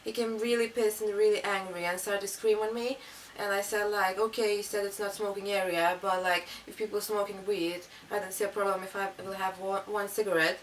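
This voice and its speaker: A woman's voice: mid-range voice, little pitch movement, brisk, hardly any pauses. A young woman, telling a story in a rambling, casual way with many fillers. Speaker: interviewee. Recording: distant mic, faint room noise.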